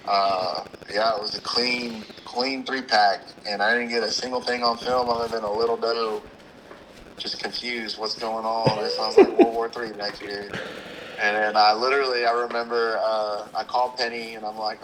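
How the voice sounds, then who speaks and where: A man, co-hosting a hunting show, telling an animated story with acted-out quotes and sounds. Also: mid-range voice, normal speed, a little hiss or hum, rough recording. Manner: animated, acts out the scene with quoted lines and sound imitations. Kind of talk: casual storytelling chat.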